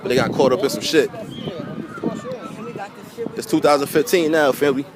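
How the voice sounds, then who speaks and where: A man's voice: mid-range voice, fairly even intonation, moderate pace. Emotional guy preaching at the camera by a pier, keeps saying family, windy outdoor noise. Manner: preachy, repetitive, profane, calls viewers family. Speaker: vlogger. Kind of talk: impassioned outdoor monologue to camera. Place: outdoors by a pier near water. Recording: outdoor wind and water noise.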